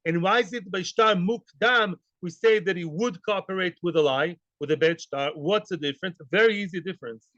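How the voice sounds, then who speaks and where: A man teaching a daily Talmud class in an animated way, quizzing students and acting out the people in the case. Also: sits high, a little fast, hardly any pauses, no echo. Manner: animated, acts out quoted voices, mixes Hebrew and Aramaic terms; asks students questions. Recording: dull, lo-fi recording.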